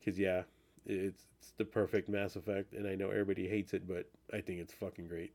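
A man's voice: low-pitched, flat delivery, a little fast, a little mellow. A man hosting a podcast in casual chat, rambling and swearing often, with many restarts. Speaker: podcast host.

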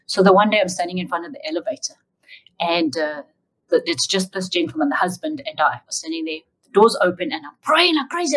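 Husky-voiced woman telling her story. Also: fairly low pitch, a little fast, rough recording. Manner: emotional, animated storytelling. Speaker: interview guest. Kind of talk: personal testimony storytelling.

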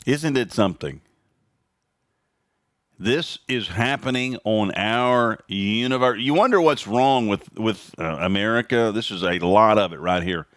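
A man hosting his own podcast, talking casually and sarcastically in an animated opinion monologue from home. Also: measured pace, no echo, clean studio sound. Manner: animated, sarcastic, jumps high in pitch for emphasis. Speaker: podcast host.

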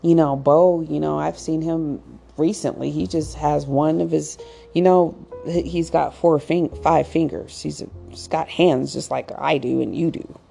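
A woman's voice: deep voice, fairly even intonation, measured pace, vocal fry, warm tone, faint music behind. A woman talking casually to viewers in a rambling, chatty monologue with acted asides and frequent restarts. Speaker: pet owner giving advice.

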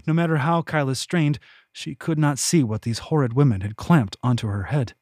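A man narrates his fantasy novel in a measured, even storytelling voice. His pitch sits in an ordinary middle range, and the recording is close and dry with no room sound. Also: no room sound. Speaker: audiobook narrator. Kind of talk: scripted narration.

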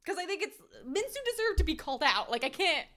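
A woman talking in a casual recap chat, in a fairly high voice with a lively swing to it. She is chatty and animated, and breaks into laughs between points. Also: fast. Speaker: podcast co-host.

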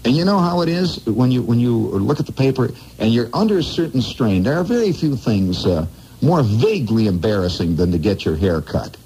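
A man hosting a radio show, telling wry, rambling comic stories in a conversational way, dropping to a low mutter and jumping up high for emphasis. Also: mellow, a little hiss or hum, poor audio. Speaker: radio host.

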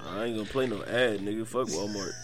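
A man co-hosting a podcast, talking in animated, profane, laughing banter. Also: fairly low pitch, quick pace, soft background music. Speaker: podcast co-host. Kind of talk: casual chat.

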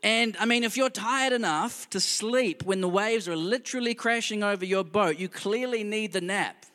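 Bright high-pitched male preacher. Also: moderate pace, big-room sound. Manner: conversational preaching with asides and laughter. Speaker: pastor. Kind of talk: sermon.

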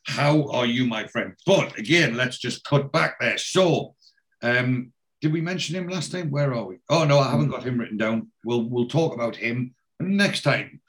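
A man's voice: medium pitch, normal speed, a bit bright. Rambling man recapping scenes. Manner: rambling, with many ums and restarts. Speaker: podcast co-host. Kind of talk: casual chat retelling a TV scene.

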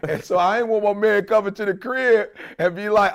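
Man, podcast co-host, high-pitched, gravelly, animated storyteller. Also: normal speed, hardly any pauses. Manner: animated storyteller, acts out quoted voices. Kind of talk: casual podcast chat.

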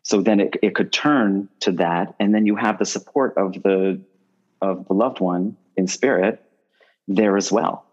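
A man with a very low voice talks through a slightly dull, lo-fi line. He speaks loosely and casually, circling and restarting his sentences, and livens up when he tells a story. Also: unhurried. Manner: rambling, restarts phrases often, animated when telling stories. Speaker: guest medium. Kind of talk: casual conversational interview.

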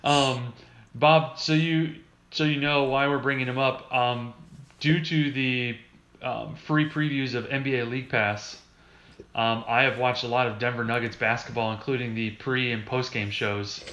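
A man's voice: medium pitch, fairly even intonation, unhurried, a bit bright. A man hosting a casual sports chat, reading out player stats and chuckling often. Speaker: podcast host. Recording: roomy, dull lo-fi sound.

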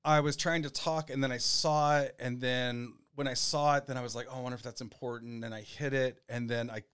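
Smooth-voiced man rambling on a podcast. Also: mid-range voice, normal speed. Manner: rambling, relaxed, with many fillers. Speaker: podcast co-host. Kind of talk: casual podcast chat.

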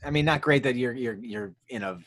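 A man co-hosting a podcast, adding wry, deadpan commentary. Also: medium pitch, a little fast, crowd noise. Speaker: podcast co-host. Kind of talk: casual chat.

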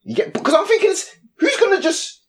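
There's slight background noise as a young co-host talks fast in a very high voice. He's telling an animated, slangy story on a casual podcast, full of "innit" and "you get me."

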